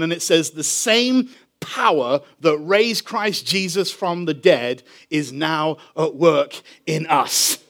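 High-voiced English pastor preaching. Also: male voice. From England. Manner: animated, stretches key phrases slowly for emphasis. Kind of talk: sermon storytelling.

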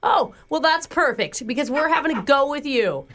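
A woman hosts a morning radio prank call, sarcastic and indignant. Her voice sits high and leaps around with lively swings. She plays it up with theatrical outrage. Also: moderate pace. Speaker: radio host.

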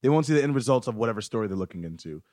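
An easygoing man of middling pitch speaks as a guest on a talk podcast. He rambles with fillers and chuckles as he goes. The recording is dry and close, with no room sound. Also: animated, racing, a little mellow, no echo. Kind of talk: casual chat.

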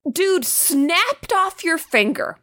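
Lively high-voiced woman recapping a film. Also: slow pace. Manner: animated, swearing, acts out characters' lines. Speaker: podcast co-host. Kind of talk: casual chat recapping a horror film.

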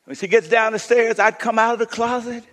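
A male pastor preaching a sermon, telling a story, then swinging from shouts to hushed intensity. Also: very high voice, steady tone, brisk, in a large hall, background noise.

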